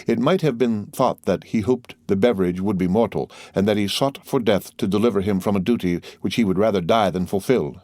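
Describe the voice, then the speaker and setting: A man with a lowish voice narrates a classic novel in a measured, steady way. The recording is dry and close, with no room sound. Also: no room sound. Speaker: audiobook reader. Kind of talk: scripted narration.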